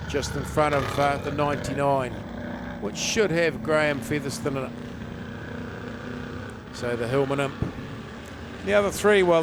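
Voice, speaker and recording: New speedway commentator, man. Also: on the high side. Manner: chatty, folksy, calls the action. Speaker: race commentator. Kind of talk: live motorsport commentary. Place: outdoor speedway. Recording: loud engine noise outdoors.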